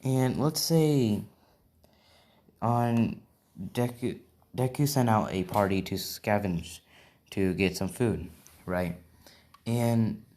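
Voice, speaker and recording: Slow, rambling male storyteller. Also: fairly low pitch, mellow. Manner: rambling, constantly checking in with "right?". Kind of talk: improvised fan-fiction storytelling.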